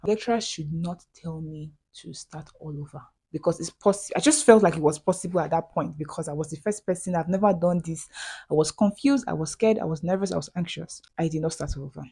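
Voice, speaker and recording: A woman's voice: low-pitched, a little fast, dark tone, husky. A young woman in her twenties with a Nigerian accent, talking casually in a vlog voiceover, chatty and prone to repeating herself. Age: 20s. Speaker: vlogger.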